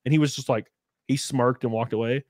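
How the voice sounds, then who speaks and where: A man's voice: medium pitch, steady tone, a little fast, darkish tone, no echo, studio quality. A man hosting a podcast, telling stories in a rambling, profane way full of fillers and restarts. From US South. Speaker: podcast host. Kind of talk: casual chat.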